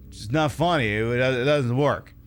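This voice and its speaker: A man's voice: medium pitch, normal speed. A man streaming a video game, giving casual, rambling commentary full of sarcastic jokes and swearing.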